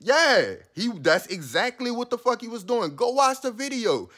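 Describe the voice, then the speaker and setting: A man's voice: extremely high pitch, very animated, moderate pace, a bit bright. A man giving a heated, profane and sarcastic commentary, talking straight to his listeners. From New Orleans, USA. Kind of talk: ranting commentary.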